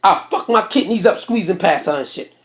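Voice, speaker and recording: A man's voice: high voice, brisk. A man telling a profane comic story on stage, acting out the people in it. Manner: profane, animated storytelling with acted-out voices. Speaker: stand-up comedian. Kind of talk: stand-up storytelling.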